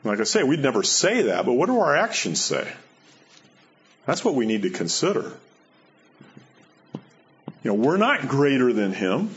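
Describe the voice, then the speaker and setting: A man's voice: medium pitch, very animated, normal speed, long pauses, a little hiss or hum. A man giving a sermon in an earnest way, repeating key phrases and letting his voice rise and drop for emphasis. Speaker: preacher. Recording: dull lo-fi sound.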